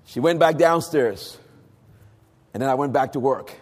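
A middle-aged male pastor preaching a sermon, breaking into shouts and sung, rising phrases. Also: medium pitch, unhurried. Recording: long hall reverb.

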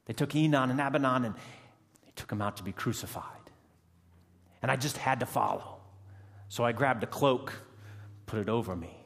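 A man playing a gravelly freed rebel prisoner. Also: mid-range voice. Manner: hushed and loud swings, dramatic pauses. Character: rough freed male rebel prisoner, fierce and emotional. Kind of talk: first-person dramatic monologue. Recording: long reverb of a large hall.

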